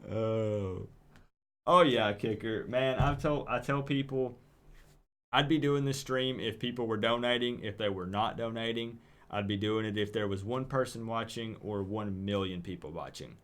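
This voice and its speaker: A man's voice: fairly low pitch, moderate pace, a bit bright. Hyped East Tennessee man hosting a stream. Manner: hyped, repeats words, friendly. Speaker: livestream host taking calls. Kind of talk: casual livestream chat.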